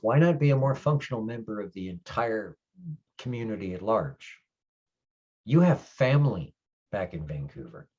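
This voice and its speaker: A man playing a gruff, grumpy older male changeling lord who speaks bluntly and swears in halting explanations. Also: fairly low pitch, lively intonation, a little mellow, muffled recording. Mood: stern.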